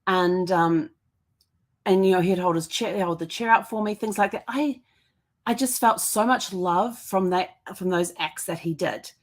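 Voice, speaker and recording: A woman's voice: fairly low pitch, normal speed. A woman hosting a live-streamed podcast from her home, telling stories in a chatty, upbeat way into a webcam mic. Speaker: podcast host. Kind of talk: casual live-streamed monologue. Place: indoors at home.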